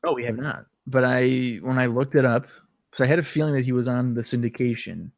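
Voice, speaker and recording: A podcast co-host with a steady, gravelly mid-range voice talks a little fast, recorded with no room sound. Recapping wrestling in casual chat, he speaks loosely, trails off at the ends of sentences, and his throat catches.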